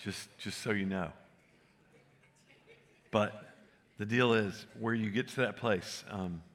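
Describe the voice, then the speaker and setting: A man's voice: fairly low pitch, bright, forceful tone. An older man preaching a sermon, telling folksy stories and joking with the congregation. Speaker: pastor.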